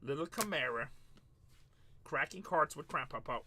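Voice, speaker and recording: A man's voice: a little high, moderate pace, noisy background. A man hosting a live card-break stream, chatting and bantering with viewers as he opens packs. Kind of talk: casual live-stream chat.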